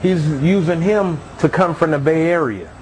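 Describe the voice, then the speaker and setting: A man's voice: on the high side, expressive, normal speed, slight background noise, poor audio. A man telling his own near-death story as a testimony, with emotional storytelling.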